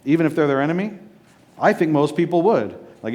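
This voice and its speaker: A man's voice: fairly high pitch, animated, brisk, darkish tone. A man preaching a sermon as pastor, casual and joking, often checking in with his listeners.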